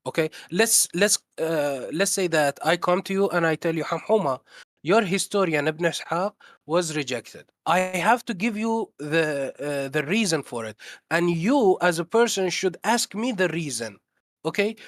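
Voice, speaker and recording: A man with a slightly high voice argues insistently in an online voice-chat debate. He repeats words to keep the floor. The sound is dry and close, with no room echo. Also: expressive, normal speed.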